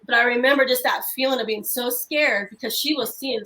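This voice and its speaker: A fairly high-voiced woman in her thirties tells her story in long, tumbling run-on sentences full of restarts. She sounds earnest and speaks as a guest over a video call. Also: fairly even intonation, fairly quick, sharp tone, poor audio. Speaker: guest paranormal investigator. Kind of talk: emotional storytelling in casual chat.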